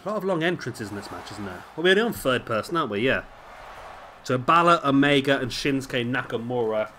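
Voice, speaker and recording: A man's voice: medium pitch, animated, fairly quick, pushed and bright, faint music behind. A man giving casual, rambling commentary over a wrestling video game, with chatty, self-deprecating asides. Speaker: gameplay commentator. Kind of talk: casual let's-play commentary. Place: at home, drinking beer while recording.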